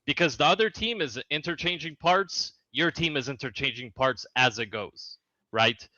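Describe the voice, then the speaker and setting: A man's voice: fairly high pitch, normal speed, bright, forceful tone, dry recording, highs cut off. A man co-hosting a casual chat who talks bluntly and jokes around. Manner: blunt, jokey.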